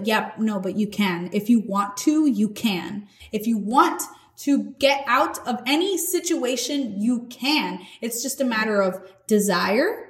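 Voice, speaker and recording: A woman's voice: fairly high pitch, lively intonation, unhurried. Earnest woman teaching faith casually. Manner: earnest, conversational, slangy. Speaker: podcast host. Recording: echoey room.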